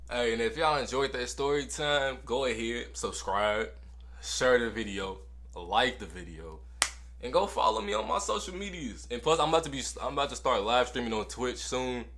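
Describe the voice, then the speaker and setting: Young male vlogger, casual slangy storyteller, mid pitch, animated delivery. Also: normal speed. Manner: animated, slangy, repeats phrases for effect.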